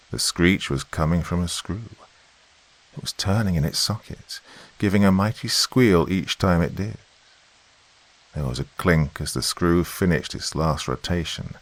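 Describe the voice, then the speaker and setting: Male horror narrator, very deep, gravelly, dramatic delivery. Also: a bit bright.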